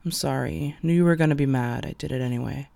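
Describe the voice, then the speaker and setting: A man voicing a hot-tempered young male hero, talking in rough, clipped, swearing bursts. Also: mid-range voice, fast, dark tone, no room sound, close to an everyday voice. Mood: strained.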